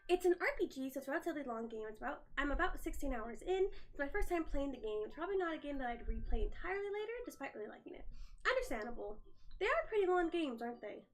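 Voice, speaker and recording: A woman's voice: high voice, big pitch swings, quick pace. A young woman in casual livestream chat from her phone at home, answering viewer comments while tidying up. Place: home, indoors.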